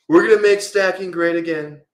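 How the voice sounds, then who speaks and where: Brash older politician impression, boastful and self-praising, done by a man, pitched up a bit, echoey room. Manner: exaggerated boastful cadence, superlatives.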